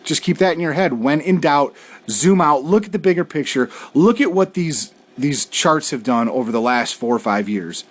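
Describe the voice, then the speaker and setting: A man's voice: a little high, lively intonation, moderate pace. Easygoing, reassuring male host. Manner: easygoing, reassuring, keeps tagging on "all right". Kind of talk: casual video commentary.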